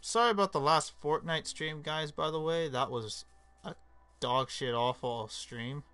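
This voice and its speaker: A man's voice: a little high, a little slow, bright, forceful tone, smooth. A young man live-streaming a game, reading chat aloud and joking around with casual swearing.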